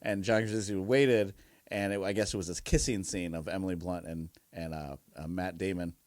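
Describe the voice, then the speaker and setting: A man's voice: sits low, brisk, dry recording. Dry-sounding man reviewing movies, laughing. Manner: laughs often, animated storytelling. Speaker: podcast co-host. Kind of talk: casual movie review chat.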